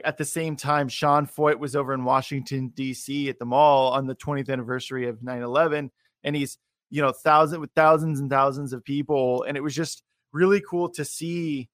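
A young man hosting a faith interview, talking in an energetic, encouraging, rambling way with many fillers. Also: medium pitch, normal speed, dry recording, clean studio sound. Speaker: podcast host. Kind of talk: animated faith interview chat.

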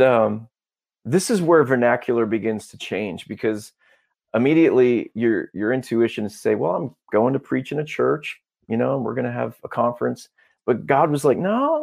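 A man as a podcast guest, telling a story in a casual, animated way and acting out the dialogue. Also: medium pitch, vocal fry. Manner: animated, acts out dialogue, peppers talk with "bro" and "dude".

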